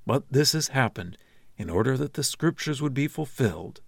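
A man reading the lines of Jesus as a calm, grave teacher in a measured, solemn scripture reading. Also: medium pitch, gravelly, slightly rough, no echo, studio quality.

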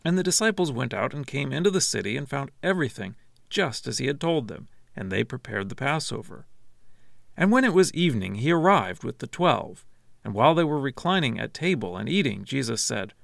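A man narrating a scripture reading in a steady, measured way. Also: mid-range voice, gravelly, dry recording, studio quality. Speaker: scripture reader.

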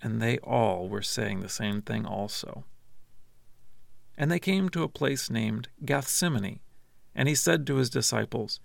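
A man narrating a scripture reading in a steady, measured way. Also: medium pitch, creaky, no echo, clean studio sound. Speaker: scripture reader.

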